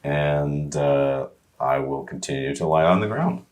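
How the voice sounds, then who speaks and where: A man's voice: extremely low pitch, big pitch swings, measured pace, vocal fry, a little mellow. A man as a player in a tabletop game, casual and helpful, explaining rules to others.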